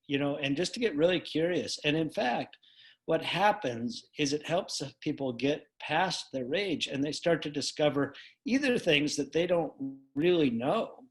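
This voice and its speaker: A man's voice: fairly high pitch, expressive, unhurried. A middle-aged man teaching a coaching method in casual conversation, playful and acting out both sides of short dialogues.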